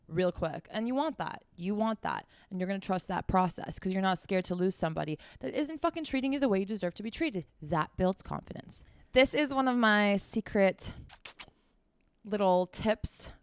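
Blunt, foul-mouthed woman with a smooth voice. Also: medium pitch, no echo, clean studio sound. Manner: blunt and profane, emphatic; direct, talks straight to the listener with repeated "okay?". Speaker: podcast host. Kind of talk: casual advice monologue.

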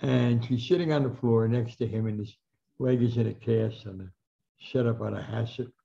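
An older man with a gravelly, mellow voice spins anecdotes as a guest speaker and acts out the voices of the people in his stories. The recording is muffled and lo-fi. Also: mid-range voice, moderate pace. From New Jersey. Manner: animated anecdotal storyteller, acts out quoted lines. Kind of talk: storytelling talk.

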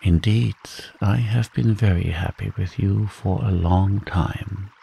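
A man voicing an earnest, dutiful young fisherman in a calm, slow bedtime story reading. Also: low voice, creaky, a little hiss or hum, full character voice.

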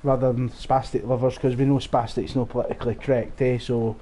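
A man's voice: medium pitch, little pitch movement, brisk, dark tone. A young Scottish man giving live, rowdy, swear-filled commentary on his game stream. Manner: sweary, rowdy banter with the chat. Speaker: gaming streamer.

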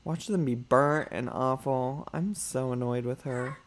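A man's voice: medium pitch, measured pace. A man giving chatty let's play commentary, calling his viewers y'all and talking back to his character with sass. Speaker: gaming YouTuber.

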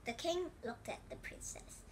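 A woman reading a children's storybook aloud in a slow, careful read-aloud way. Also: a little high, animated, a little hiss or hum. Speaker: storybook reader.

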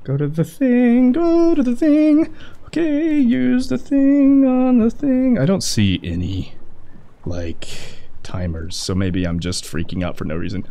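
A man playing a video game and commenting, excitable and jokey, cursing and cheering at his own progress. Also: very high-pitched, measured pace, gravelly, a little hiss or hum. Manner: excitable, swearing, joking to himself; blind gamer. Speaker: let's play gamer. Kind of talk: gaming commentary.

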